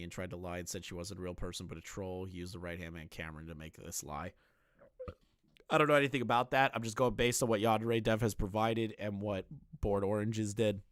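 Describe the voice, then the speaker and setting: A man's voice: on the low side, no echo, studio quality. A young man streaming live, ranting bluntly with lots of swearing and repeated phrases.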